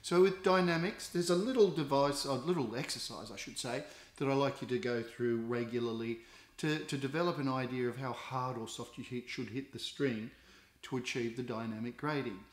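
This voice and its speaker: Casting: middle-aged Australian guitar teacher, patient, explaining step by step, mid-pitched voice, echoey room. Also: male voice, normal speed. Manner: patient, explanatory, with frequent fillers and restarts. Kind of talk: instructional explanation. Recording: roomy echo with guitar nearby.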